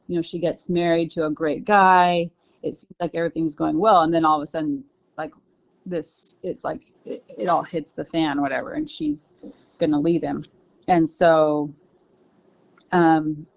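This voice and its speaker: Woman, podcast guest, slightly low pitch; relaxed storytelling full of fillers. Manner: retells a story loosely, with many fillers. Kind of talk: casual storytelling.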